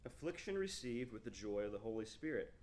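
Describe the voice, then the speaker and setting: A man's voice: medium pitch, big pitch swings, a little fast, a little mellow, slight background noise. A man in his thirties preaching a verse-by-verse sermon, reading scripture aloud and explaining it conversationally with frequent restarts. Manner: reads scripture aloud with emphasis. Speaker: pastor. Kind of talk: expository sermon.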